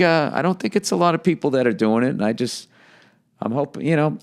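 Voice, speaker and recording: A middle-aged man hosting a podcast, ranting with profanity and sarcasm as he reads and answers listener mail. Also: medium pitch. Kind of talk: casual podcast monologue.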